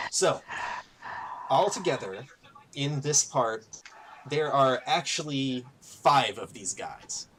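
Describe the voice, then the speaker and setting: A man narrating a tabletop roleplaying game as game master, explaining scenes in a relaxed way with plenty of fillers. His voice is mid-pitched with a bright, forceful tone, and a faint low rumble sits behind him. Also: extremely slow, pauses often.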